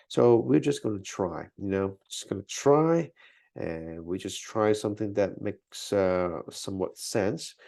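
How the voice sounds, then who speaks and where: Guy teaching algebra, lowish gravelly voice, dark tone, keeps saying okay? and talking it through. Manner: talks through steps aloud, often checks with "okay?"; relaxed and encouraging. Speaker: math teacher. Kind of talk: recorded classroom lesson.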